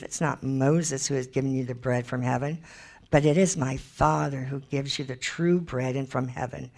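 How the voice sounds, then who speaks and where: A woman's voice: very deep voice, gravelly, darkish tone. A woman giving an informal Bible teaching, chatty and emphatic, thinking aloud as she looks up verses.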